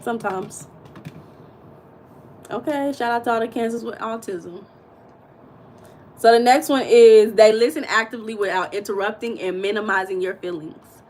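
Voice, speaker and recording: An American woman hosting a casual livestream, chatting and reading viewer comments in a blunt, animated way, with occasional swearing and emphatic bursts. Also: on the high side, normal speed, pauses often, slight background noise, poor audio. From United States. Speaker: livestream host.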